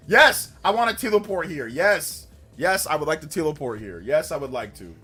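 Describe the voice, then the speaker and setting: A young man hosts a live game stream with a slightly high, very animated voice that rises and falls constantly. He rambles and circles back to the same points, breaking into easy laughter. Quiet music plays underneath. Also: normal speed. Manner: rambling and repetitive, laughs easily. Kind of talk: casual live-stream chatter while gaming.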